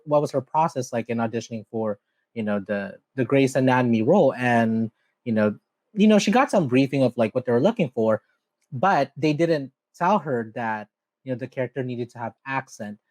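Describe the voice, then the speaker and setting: A man's voice: medium pitch, a little fast, darkish tone, no room sound. A man hosting a podcast, chatty and upbeat, talking casually with many fillers. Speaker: podcast host. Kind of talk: casual interview chat.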